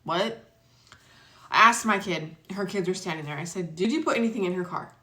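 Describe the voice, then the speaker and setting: A young woman vlogger telling a story in a casual, animated way, acting out the quotes and swearing freely. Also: on the low side, fairly quick. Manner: chatty, animated retelling with acted quotes and swearing.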